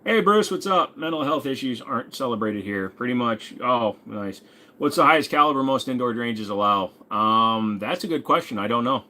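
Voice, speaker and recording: On a casual livestream, a forties-aged host reads audience questions and tosses back jokes, easygoing and with some swearing. His mid-range voice is bright, animated and forceful, at a moderate pace.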